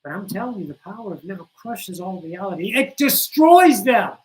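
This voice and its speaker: A woman's voice: medium pitch, big pitch swings, normal speed, a little mellow, poor audio. A woman hosting a spiritual teaching livestream, talking to her viewers bluntly, swearing freely and driving points home with insistent repetition. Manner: blunt, profane, preachy.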